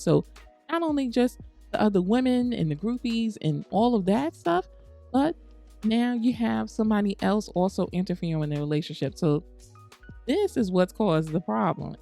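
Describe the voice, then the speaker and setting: Gravelly woman chatting over a game. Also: medium pitch, mellow. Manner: chatty, uses "y'all" and "girl". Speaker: gaming channel host. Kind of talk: casual gameplay commentary.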